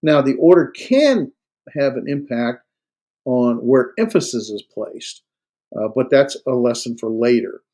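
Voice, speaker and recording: Man, classroom lecture, emphatic, lots of uh and um, mid pitch. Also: lively intonation, a little slow, warm tone, low-quality recording. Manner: explains step by step, many fillers and restarts; stresses words hard. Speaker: Greek instructor. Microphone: recorded lecture.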